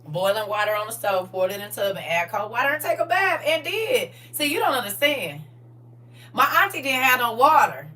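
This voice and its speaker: A woman of about forty telling stories from her past in a casual, animated way, full of slang and laughter. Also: fairly high pitch, brisk, distant mic. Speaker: livestream co-host. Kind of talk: casual storytelling chat.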